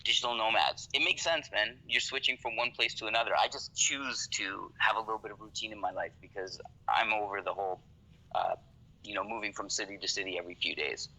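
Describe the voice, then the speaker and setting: A man's voice: lowish voice, fairly quick, sharp tone, poor audio. A man from Canada, a podcast guest talking casually, swearing freely and often checking "you know what I mean". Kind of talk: casual conversation.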